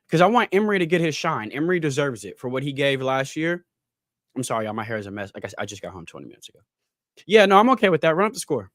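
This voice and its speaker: A man's voice: mid-range voice, no echo, clean studio sound. A man hosting a casual livestream podcast from home, talking loosely in slang and reading chat comments aloud. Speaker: podcast host.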